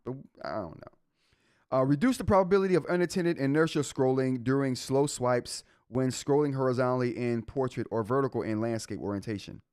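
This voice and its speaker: A man's voice: medium pitch, fairly quick, few pauses, darkish tone, clear, resonant tone, no echo, clean studio sound. A man hosting a live tech show in a casual way, reading update notes aloud and reacting to the chat.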